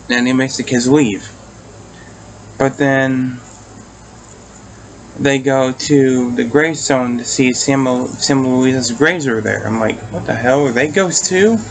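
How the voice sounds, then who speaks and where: A man's voice: mid-range voice, slight background noise, rough recording. A man casually recapping and reviewing a TV episode. He rambles, restarts often and swears casually.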